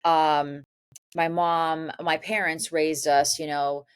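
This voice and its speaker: A woman's voice: low-pitched, level tone, takes it slowly, clean tone, no room sound. A middle-aged woman chatting as an interview guest, gushing and bubbly, with lots of restarts and little laughs. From born in New York, raised in Ecuador and South Florida. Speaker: interview guest, dating coach. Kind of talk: casual interview chat.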